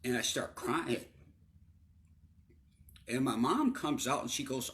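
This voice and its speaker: A man's voice: medium pitch, expressive, unhurried, pauses often, a bit bright. A middle-aged man telling his own story casually, swearing often, stumbling over repeated words and sometimes sinking to a near-whisper. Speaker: storyteller recounting his life.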